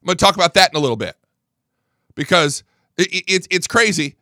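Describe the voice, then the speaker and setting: A combative male talk host rants with a high, swinging voice that jumps all over. His tone is bright and edgy, and he swears freely and stumbles over repeated words when heated. The sound is close and dry. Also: lively intonation, fast, dry recording. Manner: angry, combative, swears a lot. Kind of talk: political talk show rant.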